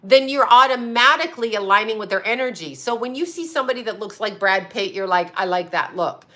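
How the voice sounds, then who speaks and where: Middle-aged woman host, bright and forceful voice, loose rambling chat with casual swearing. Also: a little high, lively intonation, fast. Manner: rambling, swears, reads viewer comments aloud. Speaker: psychic channel host.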